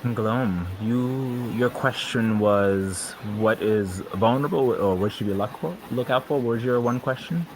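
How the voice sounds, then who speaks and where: A man working as game master, explaining rules and describing scenes in a relaxed way. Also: medium pitch, unhurried, few pauses, slight background noise. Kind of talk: running a tabletop game.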